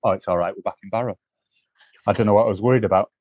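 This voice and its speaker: A man's voice: lowish voice, very fast, darkish tone, highs cut off. A middle-aged man from northwest England, co-hosting a podcast and telling a rambling travel story. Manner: rambling, many fillers and restarts. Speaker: podcast co-host. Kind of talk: casual chat, storytelling.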